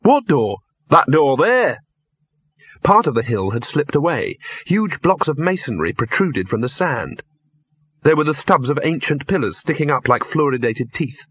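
A man narrating an audiobook in a steady, dry storytelling manner. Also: medium pitch, moderate pace, breathy edge, no room sound. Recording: dull lo-fi dry recording.

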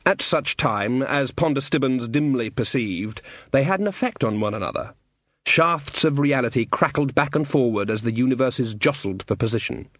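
A man reading a story aloud as an audiobook narrator, in a measured, wry storytelling manner. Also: medium pitch, animated, a bit bright, dry recording. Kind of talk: scripted narration.

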